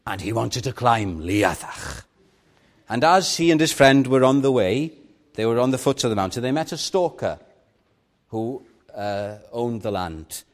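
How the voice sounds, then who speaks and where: A male preacher delivers his sermon in an unhurried, deliberate way. He lingers on key words and lets pauses hang. His voice sits at an ordinary middle pitch. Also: lively intonation. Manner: earnest, measured, with dramatic pauses.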